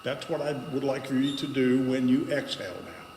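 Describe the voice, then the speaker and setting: A man speaking to a congregation as a guest speaker, guiding a voice exercise with slow, paused instructions. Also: medium pitch, little pitch movement, darkish tone. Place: spiritual center meeting hall. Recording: echoey hall with long reverb and background noise.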